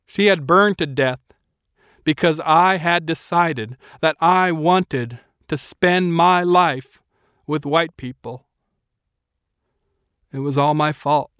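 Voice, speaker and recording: A man narrating a novel in a measured, quiet storytelling manner. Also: on the high side, clean tone, dry recording, studio quality. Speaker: audiobook narrator. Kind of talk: scripted narration.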